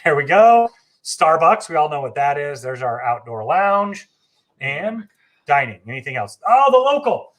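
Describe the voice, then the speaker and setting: A fairly high-voiced man talks through a travel live stream in a loose, enthusiastic way. He is chatty and often restarts his sentences and fills pauses with ums and uhs. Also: animated, a bit bright. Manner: chatty, enthusiastic, frequent fillers and self-corrections. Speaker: travel agency host. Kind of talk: casual live stream walkthrough.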